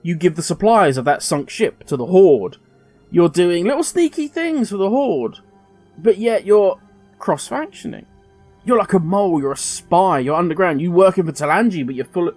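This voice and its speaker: Impassioned high-voiced male game commentator. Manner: impassioned, animated. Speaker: gaming video host. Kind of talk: opinion commentary.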